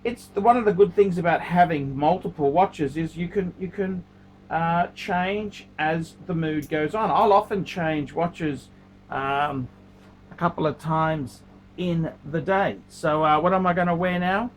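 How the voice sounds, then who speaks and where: A man's voice: fairly high pitch, unhurried, a little hiss or hum. A man, a watch collector, ranting casually to camera with heated, profane language.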